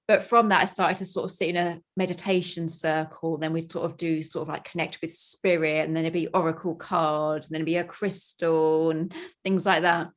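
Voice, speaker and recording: A woman from the UK, a podcast guest, talking in a chatty, upbeat way with frequent laughter. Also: lowish voice. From United Kingdom. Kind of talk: casual chat.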